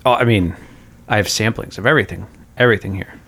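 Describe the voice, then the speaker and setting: A man's voice: quick pace, a bit bright. A man playing a pushy snobbish chocolate expert. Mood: smug. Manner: pushy, boastful, breaks into high laughs. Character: snobbish male chocolate connoisseur, pushy and boastful. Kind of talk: improvised comedy sketch.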